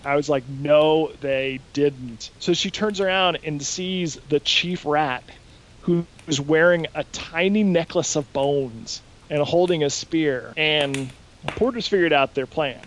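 Animated, swearing podcast host, man. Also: on the high side, unhurried, a little hiss or hum, poor audio. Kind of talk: casual chat, recapping an episode.

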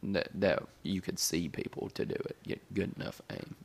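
A man's voice: sits low, lively intonation, normal speed, gravelly, breathy edge. A man in casual chat who keeps chiming in with jokes and casual swearing. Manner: joking, chimes in, swears casually.

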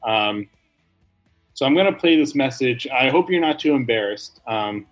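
A man's voice: medium pitch, lively intonation, moderate pace, soft background music, rough recording. A man co-hosting a comedy podcast, rambling through mock-serious apologies. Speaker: podcast co-host. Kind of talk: casual comedic chat.

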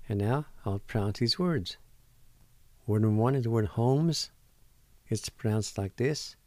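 A man hosting a radio language lesson. He spells words letter by letter and says them again slowly, one syllable at a time, in a patient, deliberate way. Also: fairly low pitch, darkish tone, dry recording. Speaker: radio host teaching vocabulary.

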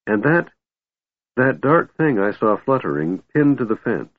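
A man reading the lines of a young elven woman who murmurs softly and keeps herself restrained. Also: mid-range voice, very animated, a little slow, voice pushed up. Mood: soft, troubled. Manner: soft murmuring delivery. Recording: narrow phone-like audio, dry.

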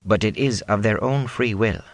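A man reading aloud, voicing a gentle, patient traveling elder who speaks formally in a storybook. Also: fairly low pitch, moderate pace, no room sound, voice pushed up, natural voice.

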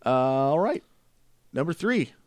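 Guy on a gaming podcast, laughs a lot, tells stories all animated, dry close sound. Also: fairly high pitch, takes it slowly, dry recording. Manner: laughs often, animated storytelling. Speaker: podcast co-host. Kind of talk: casual chat about games.

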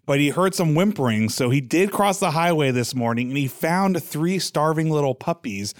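A man's voice: a little high, animated, normal speed, dry recording, clean studio sound. A man playing a dog character in a tabletop game, describing his moves in a playful, casual way. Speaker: player.

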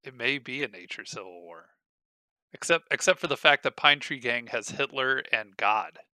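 A young man co-hosting a casual podcast, rambling and halting, restarting his sentences. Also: medium pitch, expressive, pushed and bright, no room sound. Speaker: podcast co-host.

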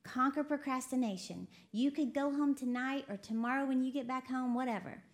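A woman from Texas preaching a lively sermon, laughing often and quoting voices as she talks. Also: sits high, brisk. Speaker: preacher co-hosting a broadcast. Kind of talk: sermon to a women's audience.

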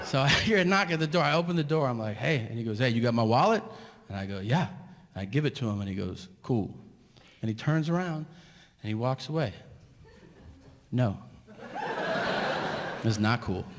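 A man's voice: medium pitch, animated, quick pace. A man telling a long stand-up story, exasperated and profane, acting out the people in it on a live stage mic. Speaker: stand-up comedian. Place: theater stage before a laughing crowd. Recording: live hall with long reverb, faint noise.

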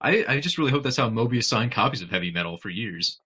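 A man's voice: medium pitch, lively intonation, fast talker, sharp tone, slightly rough. A man hosting a movie commentary podcast in casual chat, jokey and giggly. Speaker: podcast host.

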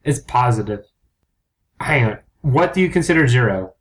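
A man's voice: medium pitch, expressive, moderate pace. A man co-hosting a podcast in casual chat, blunt and teasing, swearing freely. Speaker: podcast co-host.

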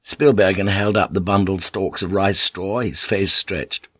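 A man narrating an audiobook in a measured, even manner. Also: low-pitched, slightly rough, no room sound. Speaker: audiobook reader. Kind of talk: scripted narration.

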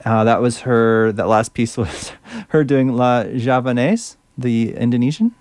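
A man's voice: medium pitch, animated, unhurried, a little mellow, dry recording. Guy hosting a radio music show, chatty and eager, dry close mic. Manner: chatty, fumbles French words, enthusiastic. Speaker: radio host. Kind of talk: casual radio chat introducing songs.

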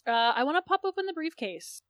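A woman playing a tabletop game online, animated and quick to tease. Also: very high voice, dry recording, clean studio sound. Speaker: player. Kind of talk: casual game chat.

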